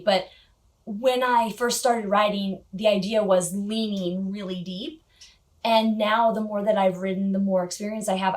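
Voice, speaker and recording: A woman vlogger telling a personal story in a casual, chatty way, with frequent little laughs and filler words. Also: mid-range voice. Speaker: motorcycle gear vlogger.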